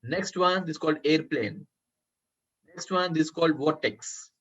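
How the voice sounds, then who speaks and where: A husky, slightly high-pitched man leads a live software workshop, talking his listeners through each step. He keeps asking whether they can see the screen and calls them friends. The recording sounds muffled and lo-fi. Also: normal speed. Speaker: workshop trainer.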